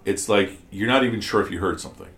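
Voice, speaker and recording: Talking fast in a lowish, slightly bright voice, a man offers scripture commentary to his class in a roomy-sounding space. He explains ideas step by step, asks the students questions, and restarts often.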